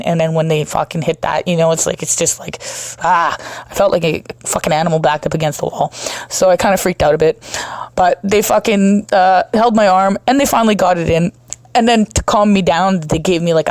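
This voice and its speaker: Gravelly woman rambling with heavy swearing. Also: lowish voice, a little mellow, no room sound. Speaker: podcast host. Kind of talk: casual confessional monologue. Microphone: home podcast mic, breathing audible.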